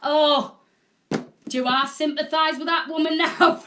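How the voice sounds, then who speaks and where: The voice is high, steady, a little slow and a bit bright, coming from a middle-aged woman hosting a live selling chat. Going through a hot flush, she rambles casually with viewers in a chatty, self-deprecating manner.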